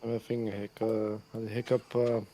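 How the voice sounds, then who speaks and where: A man's voice: on the low side, flat delivery, moderate pace, mellow. A man chatting casually over voice chat, talkative and repeating his words. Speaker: guest chatting on a stream.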